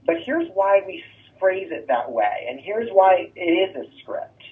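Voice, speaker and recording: A man's voice: high-pitched, very animated, unhurried. A man teaching real estate agents door-knocking scripts, leaning on rhetorical "right?" asides as he coaches. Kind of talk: sales training talk. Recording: thin phone-like distant sound.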